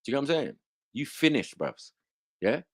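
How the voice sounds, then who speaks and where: Brash man ranting, lively pitch. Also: a little fast, dry recording, studio quality. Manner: boastful, confrontational, swears a lot. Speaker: host of an online panel show. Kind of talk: heated casual rant.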